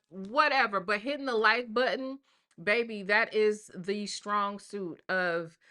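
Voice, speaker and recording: A woman's voice: mid-range voice, bright, forceful tone. An older woman, a grandmother hosting a casual live stream and chatting with viewers in a slangy, talkative way. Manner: chatty, slangy, addresses viewers as y'all and baby. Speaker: livestream host.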